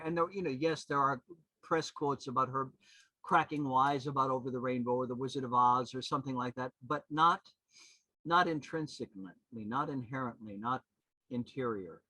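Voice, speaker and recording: A man in his seventies, a podcast guest and historian, telling anecdotes in an animated, rambling way with many restarts. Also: mid-range voice, normal speed, no room sound, rough recording. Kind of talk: anecdotal storytelling.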